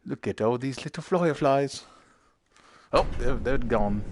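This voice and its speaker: A man's voice: mid-range voice, takes it slowly, pauses often. A man giving casual, sarcastic commentary while streaming a video game, swearing now and then. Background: game music.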